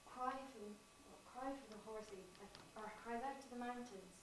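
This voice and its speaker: A woman with an Irish accent playing a young wife and mother in a stage play, singing a lullaby and asking quick, probing questions. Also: on the high side, background noise, natural voice. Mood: lulling. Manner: quick, questioning, sing-song. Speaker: stage actor. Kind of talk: chanted and sung lullaby. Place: theatre stage. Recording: echoey stage from far off.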